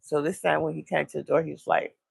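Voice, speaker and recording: Gravelly, husky woman rambling. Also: deep voice, little pitch movement, dry recording. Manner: rambling, halting, with repeated restarts. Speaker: vlogger. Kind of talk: casual confessional monologue.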